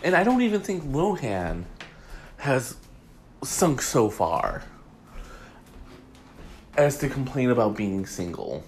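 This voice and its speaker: A man's voice: mid-range voice, huge pitch swings, takes it slowly, pauses often, slight background noise. A man hosting a casual gossip podcast, talking in a chatty way with frequent ums and reading items aloud. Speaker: podcast host.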